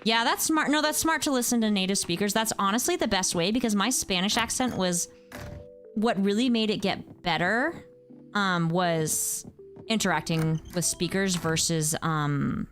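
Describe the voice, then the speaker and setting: A woman's voice: medium pitch, moderate pace. Chatty woman streamer, faint music behind. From United States. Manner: chatty, answers chat, animated exclamations. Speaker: game streamer. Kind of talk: casual chat while gaming.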